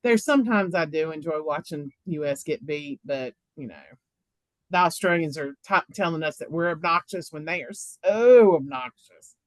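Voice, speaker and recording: A man's voice: on the high side, lively intonation, normal speed, no room sound. A man on a wrestling chat panel who laughs often and teases. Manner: giggly, teasing. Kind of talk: casual chat.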